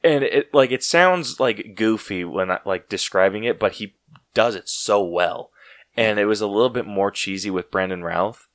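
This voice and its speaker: A man hosting a casual podcast chat, excitable and full of "like" fillers. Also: lowish voice, normal speed, no room sound. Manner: excitable, heavy use of "like" fillers. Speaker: podcast host.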